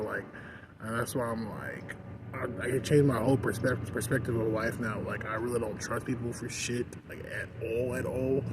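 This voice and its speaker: A man talks straight to camera in a loose, rambling rant, with a voice at an ordinary middle pitch. He swears freely and leans on "like" and "you know what I mean" constantly. Clear background noise and passing vehicles run under the whole recording. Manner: rambling, profane, constant "like" fillers. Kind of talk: casual rant vlog.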